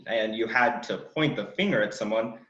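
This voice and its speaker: A man's voice: on the low side, normal speed, fairly bright tone. A man acting as counsel in a mock trial over a video call, speaking hesitantly with many fillers. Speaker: defense counsel. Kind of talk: courtroom cross-examination. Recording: roomy, dull video-call audio.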